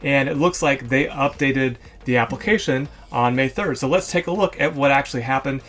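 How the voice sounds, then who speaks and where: A man hosting a software store review show leads a casual screen-share walkthrough, chatting and thinking aloud while often correcting himself with ums. His mid-range voice is fairly bright and moves at a moderate pace.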